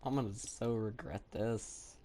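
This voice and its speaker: A woman giving chatty, rambling commentary over her own gameplay, thinking aloud with lots of fillers and sudden bursts of excitement. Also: a bass voice, unhurried, a little hiss or hum. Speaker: gaming video creator.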